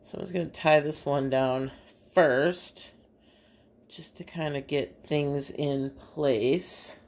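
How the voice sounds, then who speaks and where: A woman's voice: low voice, fairly even intonation, slow pace, darkish tone. A woman with a Bay City, Michigan accent, an artist and teacher chatting casually as she demonstrates a craft in her home kitchen, thinking aloud as she works.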